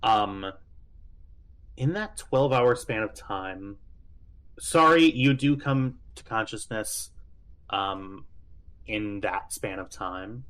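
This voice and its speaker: A man running a tabletop game as game master, halting and full of fillers as he explains. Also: lowish voice, a bit bright, rough recording. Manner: halting, lots of fillers and restarts.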